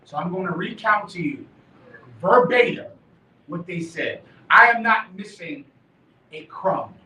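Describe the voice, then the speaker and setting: A man leading a live class, preaching emphatically, dropping quiet then shouting. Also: sits high, lively intonation, a little slow. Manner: emphatic, swings from quiet to shouting, laughs and swears. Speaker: class leader. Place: live meeting room. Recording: echoey room from far off.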